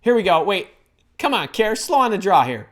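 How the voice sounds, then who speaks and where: A middle-aged man hosting a live career advice stream from home, talking in an excitable, scattered way as he reads the chat. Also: high-pitched, fairly quick. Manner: energetic, excitable, scattered while reading chat. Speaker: host.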